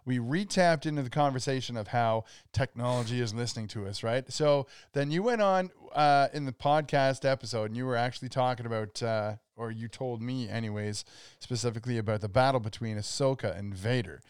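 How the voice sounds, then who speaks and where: A man's voice: mid-range voice, brisk, smooth, dry recording, clean studio sound. A man co-hosting a casual podcast, easygoing, laughing often and chiming in with short agreeing replies. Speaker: podcast co-host.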